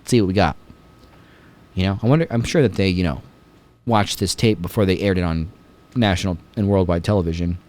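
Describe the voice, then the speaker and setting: A man's voice: deep voice, quick pace, darkish tone. A man hosting a podcast, chatting casually and jokingly retelling scenes with many fillers. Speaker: podcast host. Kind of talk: casual chat.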